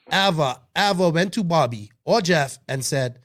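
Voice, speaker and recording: This hobby podcast co-host sounds a little high and a bit bright, animated at a normal speed. He gets worked up and emphatic in the casual conversation, cursing freely and restarting his sentences.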